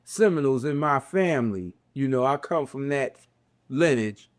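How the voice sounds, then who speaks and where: An older man with a Southern US drawl, giving a slow, conversational religious reflection with drawn-out, repeating phrases. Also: medium pitch, lively intonation. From American South, raised in a city. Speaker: religious teacher.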